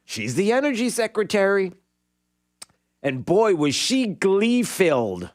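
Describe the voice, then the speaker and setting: A male talk radio host with a fairly high voice that swings up and down a lot as he rants. He is sarcastic and bantering, heard on a dry, close studio mic. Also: measured pace, no room sound. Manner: sarcastic, animated, banters with producer. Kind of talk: opinionated talk radio monologue.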